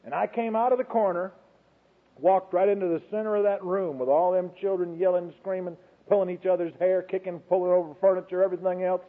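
A man's voice: high voice, steady tone, fairly quick. A man telling a colloquial, dramatic church testimony, speaking straight to his audience, heard over a tinny phone-like broadcast. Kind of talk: folksy storytelling testimony.

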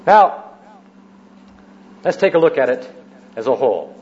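A man's voice: mid-range voice, sing-song, measured pace, a little mellow. A man preaching an evening sermon in a church, teaching in orderly sections and repeating key phrases for emphasis. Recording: roomy, muffled church recording.

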